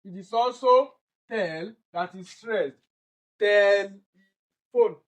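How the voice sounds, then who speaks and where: In an online exam-prep session, a Nigerian man speaking Nigerian-accented English walks candidates through answers one step at a time, repeating each word slowly to drill pronunciation. His voice is high and the audio is poor.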